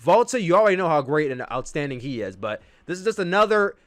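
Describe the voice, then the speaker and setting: A man reviewing a wrestling match on his own channel, talking loosely and enthusiastically, piling up praise and tripping over his words. His voice sits a little high for a man. The recording is close and dry, with no room sound. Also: fast, dry recording. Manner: enthusiastic, rambling, excitable outbursts. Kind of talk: casual solo review.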